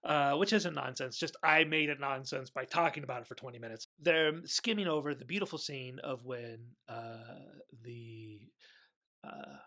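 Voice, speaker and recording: A man giving casual, rambling movie commentary, animated and often correcting himself. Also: mid-range voice, normal speed. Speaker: movie reviewer.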